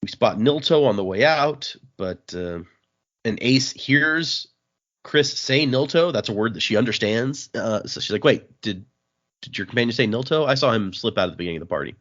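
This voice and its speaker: A man's voice: medium pitch, animated, moderate pace, fairly bright tone, dull audio. A man casually recapping a comic's plot on a podcast, dropping briefly into the characters' lines as he goes. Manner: summarizes plot, briefly voicing characters in quotes. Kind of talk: casual chat.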